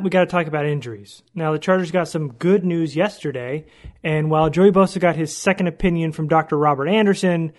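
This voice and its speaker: Chatty young man hosting a podcast. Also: fairly high pitch. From San Diego, USA. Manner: chatty, animated storyteller. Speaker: podcast host. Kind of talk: solo sports podcast, casual storytelling.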